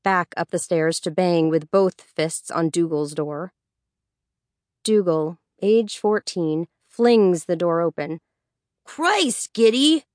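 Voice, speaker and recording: A woman narrates a story with a steady, even delivery. Her voice is fairly low for a woman. The recording is dry and close, with no room sound. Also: slow pace, dry recording. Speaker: audiobook narrator. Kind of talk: scripted narration.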